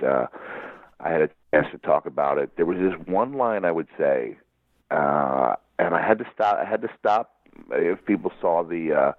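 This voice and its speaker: A man's voice: deep voice, dry recording. A man telling stories as an interview guest, rambling and laughing often. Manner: rambling storyteller with frequent laughs. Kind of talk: casual interview chat. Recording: tinny phone-like line.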